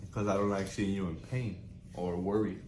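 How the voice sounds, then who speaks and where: A man, the vlogger's partner, answering from off to the side in halting casual chat. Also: low-pitched, level tone. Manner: halting, searching for words. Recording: distant, roomy and noisy.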